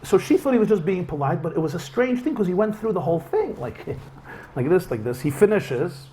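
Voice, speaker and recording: Speaking briskly in a high-sitting voice, a rabbi lectures his class through a story in a lecture hall with a live audience. He acts out the quoted dialogue with animation, and slight background noise is present.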